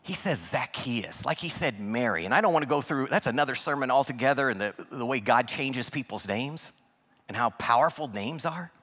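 Folksy preacher in a reverberant church. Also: male voice, mid-range voice, lively intonation, fairly quick, pushed and bright. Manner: folksy, anecdotal, conversational with many restarts. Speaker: guest preacher. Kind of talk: sermon storytelling. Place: church sanctuary.

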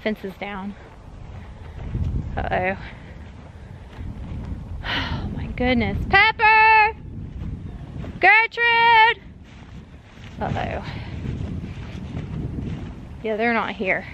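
A woman's voice: medium pitch, steady tone, extremely slow, pauses often, lo-fi sound, background noise. A woman with a Southern US accent vlogging outdoors on her farm, chatty and out of breath from walking. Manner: chatty, calling out loudly for animals. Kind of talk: casual vlog walking the farm.

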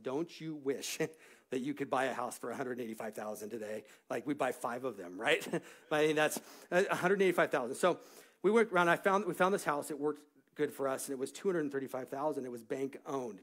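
A middle-aged man preaching a church sermon, telling personal stories in an animated way that rises into shouts of praise. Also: mid-range voice. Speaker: pastor. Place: church sanctuary.

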